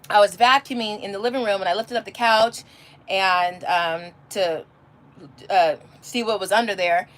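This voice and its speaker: This woman, a homeschooling mother from California, has a voice on the high side and a bit bright. Chatting informally on a livestream via phone or webcam, she answers the live chat with rambling, often restarted stories.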